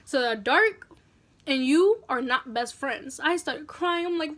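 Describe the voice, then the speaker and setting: High-voiced, animated woman telling a story. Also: normal speed. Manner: animated, slangy, chatty. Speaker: vlogger. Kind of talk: casual story time.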